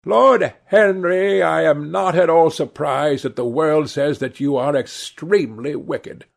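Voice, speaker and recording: A man's voice: a little high, a little slow, vocal fry, pitched above the performer's own voice. A man reading aloud and voicing a gossipy, teasing old society hostess with a raised, exclamatory voice. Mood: scolding.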